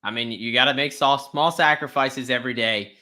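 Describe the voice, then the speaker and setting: A man co-hosting a sports betting podcast, chatting casually with a hyped-up, drawn-out delivery. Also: medium pitch, bright, forceful tone. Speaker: podcast co-host.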